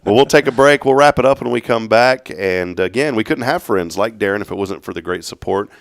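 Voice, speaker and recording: Guy hosting a morning show, real low gravelly voice, jokey. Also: animated, a little fast, no room sound, studio quality. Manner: jokey, upbeat sign-offs. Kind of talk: casual chat.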